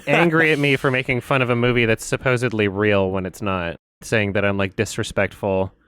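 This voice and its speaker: A young man co-hosting a podcast, chatting casually in a quick, rambling, sarcastic way and laughing often. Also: fairly low pitch, fairly even intonation, a bit bright, smooth, no room sound. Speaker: podcast co-host. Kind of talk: casual chat.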